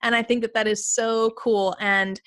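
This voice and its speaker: A woman's voice: a little high, level tone, normal speed, fairly bright tone. A woman in her thirties hosting a podcast, chatty and enthusiastic, with many casual fillers. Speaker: podcast host.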